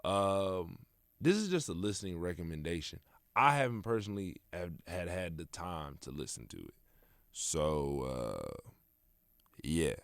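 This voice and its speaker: A man's voice: sits low, sing-song, a little slow, creaky, no room sound, clean studio sound. A young man hosting a casual solo podcast, rambling in a laid-back, slangy way with plenty of fillers. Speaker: podcast host.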